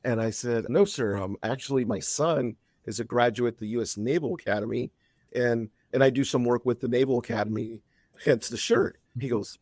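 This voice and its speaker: A man's voice: mid-range voice, moderate pace, a little mellow, no echo. Man, fifties, podcast guest, rambling storyteller, restarts often, dry close sound. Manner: chatty, rambling, frequent restarts. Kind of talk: casual storytelling.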